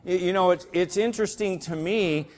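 A man leads a church Bible class in a slightly high voice, talking it through in a loose, explanatory way, stopping and restarting often. His voice trails off into the long reverb of a hall. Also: normal speed, darkish tone. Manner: casual, explanatory, with many fillers and restarts.

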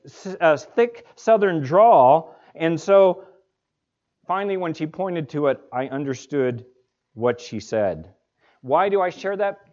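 A man's voice: fairly high pitch, darkish tone. A man preaching a sermon in a conversational storytelling way, as a pastor. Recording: dull lo-fi recording.

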